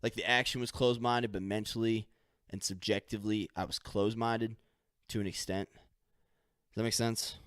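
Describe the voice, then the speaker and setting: A man rambling through a solo podcast monologue, swearing casually and spinning stories as he goes. His voice sits on the low side. The sound is dry and close, with no room echo. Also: fairly even intonation, moderate pace, a bit bright, clear, resonant tone. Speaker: podcast host.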